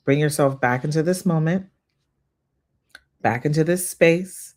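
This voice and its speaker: Host, livestream mindset coach, mid-pitched voice, slow affirmations, slangy pep talk. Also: a little mellow. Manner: leads slow repeated affirmations, greets chat viewers; informal, upbeat preaching with slang. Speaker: host of a live money-mindset session. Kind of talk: guided visualization and affirmations on a livestream.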